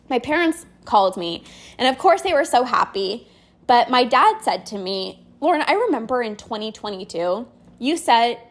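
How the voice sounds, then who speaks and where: A young woman with a high voice talks straight to her listeners in a personal podcast monologue. She is earnest and close to tears, and her sentences are full of "like" and "you know". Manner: tearful, earnest, many fillers like "like" and "you know". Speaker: podcast host and binge eating coach. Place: outdoors on a walk.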